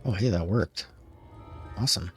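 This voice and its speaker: Low-voiced man casually narrating his gameplay. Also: moderate pace, soft background music. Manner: relaxed, chatty, frequent "um" and "basically". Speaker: gaming streamer.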